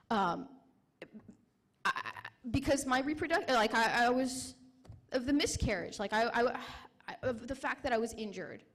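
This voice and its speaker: A young adult woman, a military veteran, giving a personal testimony at a conference in an emotional, halting way with many restarts. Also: on the high side.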